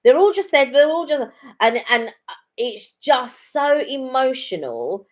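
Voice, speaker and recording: A woman's voice: high-pitched, sing-song, unhurried. A middle-aged woman, co-hosting a live chat and telling stories in a rambling way, full of ums and restarts. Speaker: co-host of a live chat stream. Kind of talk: casual chat.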